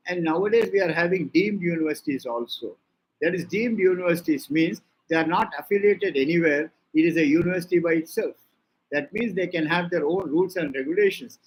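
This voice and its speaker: A man's voice: fairly high pitch, slightly rough, poor audio. A man with an Indian English accent giving a law lecture, explaining points step by step and repeating them for his listeners. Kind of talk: classroom lecture.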